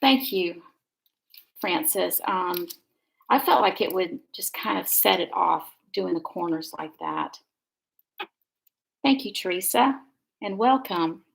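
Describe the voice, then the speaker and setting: A woman's voice: fairly low pitch, expressive, takes it slowly, vocal fry, pauses often, rough recording. A middle-aged woman, chatting and rambling casually while she demonstrates card making on a live stream. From Georgia, USA. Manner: chatty, rambling, warm asides.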